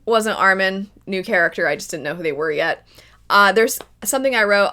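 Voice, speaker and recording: A woman's voice: mid-range voice, animated, brisk, pushed and bright. A woman giving casual reaction commentary as a first-time viewer, laughing often and mimicking characters in mock voices.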